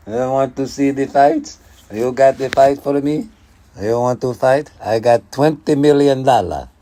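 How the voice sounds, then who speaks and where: A man's voice: medium pitch, dark tone, lightly acted. A man putting on a rich male sheikh boxing promoter who speaks blunt broken English and keeps repeating himself. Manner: broken English, repetitive chanting.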